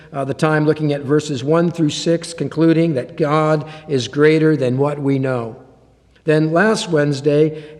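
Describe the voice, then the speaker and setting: A man teaching a Bible lesson as a pastor, conversational and unhurried, with gentle humor along the way. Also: fairly high pitch, long reverb tail.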